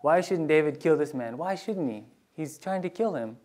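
A man's voice: on the high side, expressive, normal speed, darkish tone, a little hiss or hum. A male pastor preaching a conversational sermon, telling personal stories with casual asides and restarts. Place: church sanctuary.

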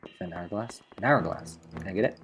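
A man's voice: low voice, fast, music in the background. A man doing casual, joking commentary while playing a video game, swearing now and then. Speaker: let's play gamer.

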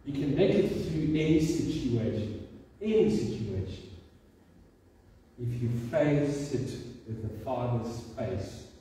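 A man's voice: mid-range voice, lively intonation, slow pace, warm tone. A male pastor delivering a storytelling sermon with emphatic repetition. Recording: echoey hall, mic far off.

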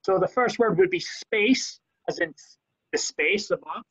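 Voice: mid-range voice, lively intonation, measured pace, gravelly, a bit bright, husky. Coach explaining a word game over dull audio. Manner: explains step by step. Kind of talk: casual video call chat.

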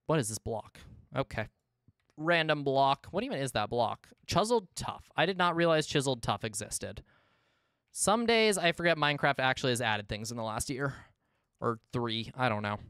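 A male streamer giving casual live gameplay commentary from his room, talking to himself and chat, swinging between exasperated yelps and low mumbling. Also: expressive, normal speed, a bit bright, clean tone, no echo, clean studio sound.

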